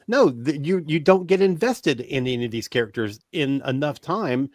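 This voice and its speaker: A man's voice: fairly high pitch, moderate pace, no room sound, studio quality. A man hosting a casual podcast, reading out live comments and often correcting himself mid-sentence. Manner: animated, self-correcting, apologizes for swearing. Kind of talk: casual chat.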